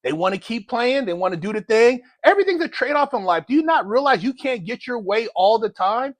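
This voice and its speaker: A man's voice: very high-pitched, lively intonation, fairly quick, no echo. A man ranting bluntly in a heated, lecturing commentary, using street slang, as a motivational vlogger.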